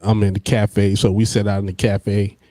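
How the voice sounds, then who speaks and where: A man's voice: on the low side, level tone, normal speed, mellow, dry recording. A man hosting a casual call-in talk show, telling stories and laughing easily. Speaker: radio talk show host. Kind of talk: casual radio chat.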